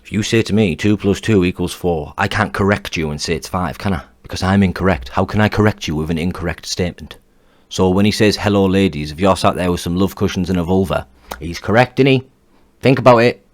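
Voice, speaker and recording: A man's voice: deep voice, fast. Ranting man. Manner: heated, blunt, swears, repeats himself. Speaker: commentator reacting to clips. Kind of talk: ranting reaction commentary.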